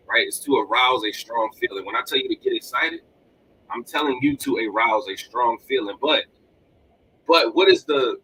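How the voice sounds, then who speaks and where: A man's voice: mid-range voice, slight background noise, rough recording. A man hosting a live motivational podcast, talking energetically and repeating himself for emphasis. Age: adult with children. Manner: energetic, repetitive, animated delivery. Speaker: podcast host. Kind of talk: motivational live-stream talk. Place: home room with collectibles behind him.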